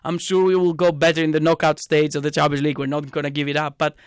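Excitable man ranting about football, dry close sound. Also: fairly high pitch, fast talker, clean tone, no room sound. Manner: excitable, ranting, bursts into loud exasperated outbursts. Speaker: podcast co-host, football fan. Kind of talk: casual chat.

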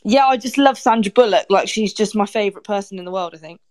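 A woman's voice: mid-range voice, fast, a little mellow, no room sound. A woman, a footballer guest on a podcast, chatting in a blunt, cheeky way. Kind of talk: casual chat.

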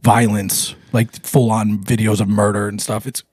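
A man's voice: lowish voice, flat delivery, moderate pace, a little mellow, a little hiss or hum. A young man co-hosting a podcast in casual chat, rambling, dropping lots of "like" and swearing freely. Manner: rambling, leans heavily on "like"; swears freely and laughs between lines. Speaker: podcast co-host.

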